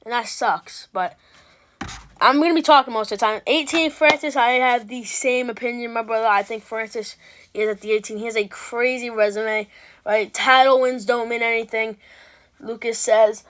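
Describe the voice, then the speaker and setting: High-voiced rambling woman reacting to rankings. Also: steady tone, normal speed, fairly bright tone. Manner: rambling, self-interrupting, swears casually. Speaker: MMA reaction host. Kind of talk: casual reaction commentary.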